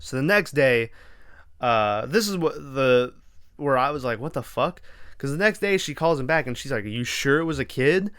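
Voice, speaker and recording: A man's voice: medium pitch, animated, normal speed, fairly bright tone, clear, resonant tone, no echo. A man hosting a podcast, casually retelling a horror film with lots of swearing and quoted reactions. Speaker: podcast host. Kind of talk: casual movie recap.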